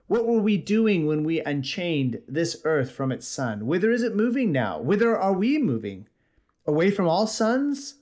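Brief: raving madman, urgent questions, pitched up high, read by a male preacher. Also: darkish tone.

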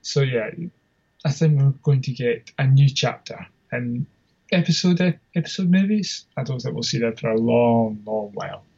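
A man's voice: mid-range voice, animated, moderate pace, creaky, a little mellow, breathy edge, highs cut off. A Scottish man co-hosting a podcast, rambling through his opinions in a casual, self-deprecating way. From Scotland. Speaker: podcast co-host.

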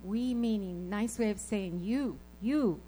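A woman preaching a sermon, telling personal stories in an animated, emphatic way and repeating her key phrases. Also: mid-range voice, takes it slowly, slight background noise, low-quality recording.

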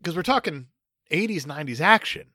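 Male podcast co-host, animated chatter with frequent laughs, bouncy intonation. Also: on the high side, dry recording, clean studio sound. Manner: animated, laughs often, does quick impressions. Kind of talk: casual movie review chat.

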